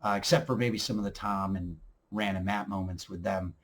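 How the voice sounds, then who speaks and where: A man hosting a TV review channel, talking casually and excitedly, acting out scenes and swinging from low mutters to loud bursts. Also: fairly quick.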